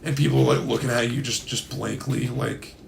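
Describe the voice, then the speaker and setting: A man co-hosting a podcast, telling a rambling comic story in a casual, animated way and slipping into silly voices. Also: mid-range voice, fairly quick, gravelly, background noise. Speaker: podcast co-host. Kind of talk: casual comedic chat.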